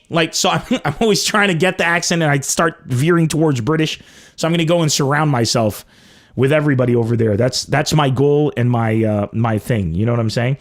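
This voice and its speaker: A man hosting a casual call-in podcast, joking with callers, swearing freely and tossing off quick asides. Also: mid-range voice. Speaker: podcast host taking calls.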